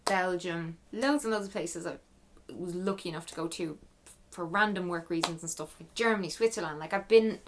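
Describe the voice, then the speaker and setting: A woman's voice: on the low side, a bit bright. A young Irish woman chatting frankly and emotionally as she answers viewer questions, laughing often. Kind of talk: casual Q&A chat.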